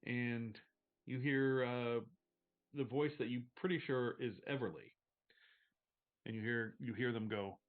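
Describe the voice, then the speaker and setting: A man running a tabletop game as game master, narrating in a relaxed, halting way with fillers over a video call. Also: mid-range voice. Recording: tinny call audio.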